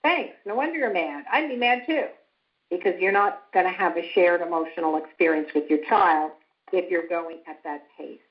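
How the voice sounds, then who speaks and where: A woman psychologist giving a calm, instructive talk who now and then acts out example dialogue. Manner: calm and instructive, acts out quoted lines with rising pitch. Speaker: psychologist lecturing on family estrangement. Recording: slightly dull lo-fi sound.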